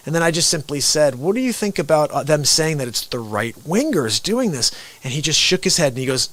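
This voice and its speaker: Casting note: a man with a higher voice, hosting a talk show, lively storyteller, dry close recording. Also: brisk, few pauses, dry recording. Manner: animated storyteller, acts out the people in his stories. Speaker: host. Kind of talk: casual talk show conversation.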